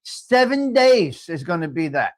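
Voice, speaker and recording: A man's voice: high voice, big pitch swings, measured pace. A middle-aged man, hosting a live coffee chat stream and talking bluntly to viewers, joking and swearing freely.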